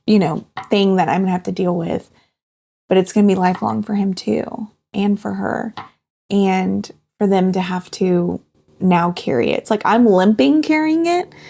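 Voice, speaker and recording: Woman, 30s, interview guest, gravelly fry in the voice, halting and heartfelt. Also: medium pitch, steady tone, dark tone. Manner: halting, filler-heavy, heartfelt. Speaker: guest sharing her cancer journey. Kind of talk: candid personal interview.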